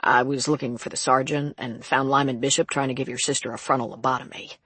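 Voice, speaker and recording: A woman's voice: extremely low pitch, fairly even intonation, fast, a bit bright, husky, no room sound, exaggerated voice. A woman voicing an easygoing, self-effacing male prison guard in an audiobook.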